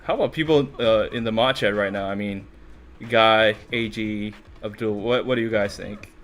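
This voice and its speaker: Casual male streamer, laughing and halting. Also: on the low side, a bit bright. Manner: laughs often, halting restarts. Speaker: streamer host. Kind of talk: casual live-stream chat.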